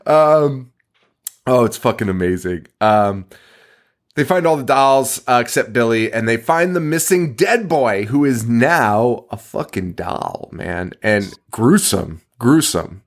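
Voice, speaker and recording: A male podcast host, loose and animated as he recaps a horror film. His voice swings widely in pitch and breaks into laughter often. He swears freely, in an easy chatty manner. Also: takes it slowly. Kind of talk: casual movie recap chat.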